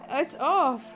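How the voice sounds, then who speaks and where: Woman, sick, high-pitched, lively sing-song, coaxing baby talk, handheld camera at home. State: sick, under the weather. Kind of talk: playful baby-directed talk.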